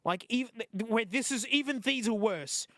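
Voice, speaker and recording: An Australian man unboxing and testing old-style phones in casual, excitable commentary, wry and laughing often. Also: extremely high pitch, moderate pace, no echo. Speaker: streamer reviewing phones.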